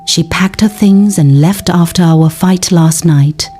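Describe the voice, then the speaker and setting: A scheming older mother-in-law speaks smoothly, her sweetness hiding cruelty, as a woman storyteller puts her on. The voice is mellow and a little husky, with slow delivery. Music plays faintly behind. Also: lowish voice. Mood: falsely sweet.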